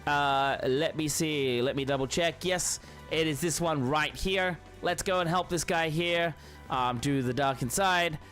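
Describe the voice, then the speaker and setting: A man's voice: on the high side, a little slow, fairly bright tone, faint music behind. A man streaming a game live, chatting casually in a friendly, encouraging way with lots of ums and restarts. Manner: friendly, encouraging, rambling with many fillers. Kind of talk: casual live-stream chat while playing.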